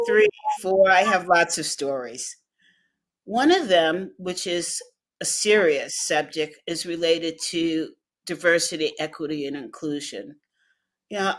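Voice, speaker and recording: A woman guest in an interview, telling personal stories and acting out the dialogue in them. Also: fairly low pitch. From United States. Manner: animated storyteller acting out dialogue, laughing. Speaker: guest speaker. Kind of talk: interview storytelling.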